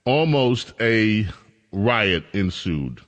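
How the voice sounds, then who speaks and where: A man's voice: on the low side, sing-song, extremely slow, fairly bright tone, dull audio. Sarcastic New talk radio man. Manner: sarcastic, mocking. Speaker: radio host.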